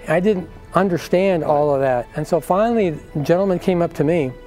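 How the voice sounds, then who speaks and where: High-voiced older man telling his story. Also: a little fast, mellow, soft background music. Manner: earnest storytelling, acting out remembered dialogue. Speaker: speaker giving a testimony. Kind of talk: personal faith testimony.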